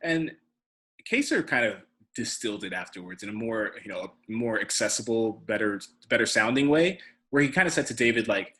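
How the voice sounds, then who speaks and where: A man's voice: fairly low pitch, expressive, bright, forceful tone. A man co-hosting a podcast, chatting casually and giving blunt, opinionated takes. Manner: blunt and opinionated, quick-talking. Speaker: podcast co-host. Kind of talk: casual chat.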